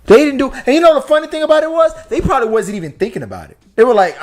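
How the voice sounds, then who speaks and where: A man's voice: very high-pitched, very animated, very fast, hardly any pauses. A man co-hosting a casual live-stream movie talk show, making his points with emphatic rhetorical questions. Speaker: podcast co-host.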